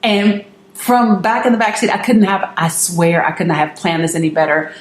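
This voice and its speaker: A woman's voice: fairly low pitch, moderate pace. A middle-aged woman hosting her own show, telling viewers a personal family story earnestly and emphatically, often restarting her sentences. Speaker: host. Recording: roomy echo.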